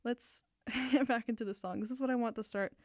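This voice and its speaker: A giggly, rambling woman hosting a radio show, talking loosely and a bit self-consciously. Her voice is fairly high, and the studio sound is close and dry. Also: fairly even intonation, fairly quick, darkish tone, no room sound. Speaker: radio host. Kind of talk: casual radio chat. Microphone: fixed studio mic.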